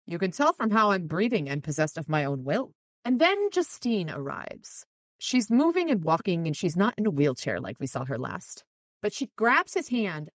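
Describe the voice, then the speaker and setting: A woman's voice: sits low, no room sound. A woman hosting a podcast, casually recapping a novel and reading quoted passages with light voices. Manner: reads quotes from the book with light voices, chatty asides. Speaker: podcast host recapping a book. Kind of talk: casual book recap with read-aloud passages.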